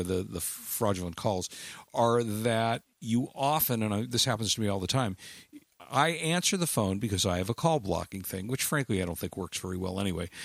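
Low gravelly-voiced man co-hosting. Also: dry recording. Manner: easygoing, rambling with restarts. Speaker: co-host. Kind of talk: casual radio tech talk.

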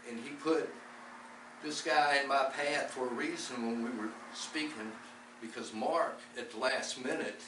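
A man giving an earnest, rambling testimony about his faith, often repeating words as he tells the story. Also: medium pitch. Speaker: lay preacher. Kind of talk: testimony-style faith talk. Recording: echoey distant recording with background noise.

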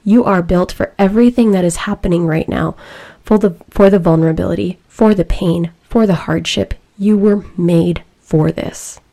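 Earnest woman speaking slowly about resilience. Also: fairly low pitch, dark tone. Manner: earnest, emotional, slow and deliberate. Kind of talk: reflective personal talk.

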